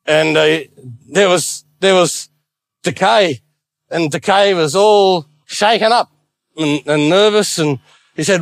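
A man preaching a sermon as a lively storyteller with playful asides. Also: high voice, slow, gravelly, no echo.

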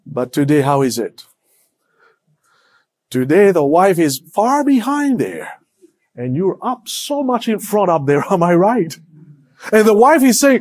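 A man preaching a sermon as pastor, asking his congregation questions and swinging between hushed, low lines and raised, emphatic ones. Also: big pitch swings, a little slow, pauses often.

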